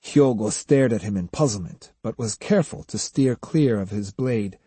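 Expressive guy reading an audiobook, husky and kinda dark, dry close sound. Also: fairly low pitch, normal speed, dry recording. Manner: expressive, acts out each character. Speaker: audiobook narrator. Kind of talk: scripted narration.

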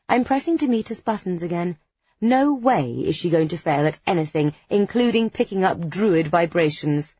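A woman's voice: on the low side, expressive, moderate pace, warm tone, breathy edge, no echo, highs cut off. Wry woman narrating a story. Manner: wry, conspiratorial, dry understatement. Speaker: audiobook narrator. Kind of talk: first-person audiobook narration.

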